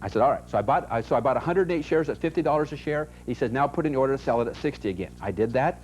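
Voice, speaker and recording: A man's voice: medium pitch, lively intonation, very fast, a little mellow, low-quality recording. A middle-aged man giving a motivational seminar, telling stories with emphasis and repeating key phrases for effect. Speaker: seminar speaker. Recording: faint hiss on old VHS tape.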